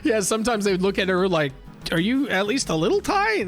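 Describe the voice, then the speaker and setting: A young man streaming live, telling an animated, profane story and reading chat. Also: sits high, a little fast, faint music behind. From United States. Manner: animated and profane, acts out heated exchanges.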